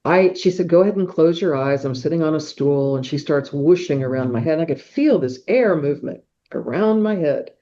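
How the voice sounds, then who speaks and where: Middle-aged woman guest, dark mellow tone, lively storyteller who acts out sounds; muffled podcast audio. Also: deep voice, normal speed, hardly any pauses. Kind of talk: personal storytelling in an interview.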